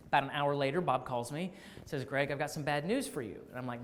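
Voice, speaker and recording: A man speaking to a live audience of staff, telling a story with animated quoted dialogue. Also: a little high, unhurried. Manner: animated, acts out phone calls in quoted voices. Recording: long reverb of a large hall.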